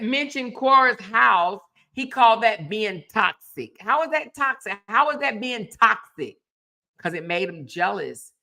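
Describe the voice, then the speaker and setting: A woman's voice: mid-range voice, sharp tone. Sassy, emphatic woman commentator. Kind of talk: casual commentary.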